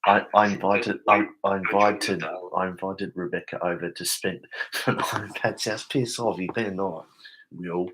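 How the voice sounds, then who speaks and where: A man's voice: deep voice, level tone, normal speed, noisy background. An Australian man hosting a casual late-night live stream, stammering as he reads chat messages aloud and keeping his voice down for people asleep. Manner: keeps voice down, people sleeping. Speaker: livestream host.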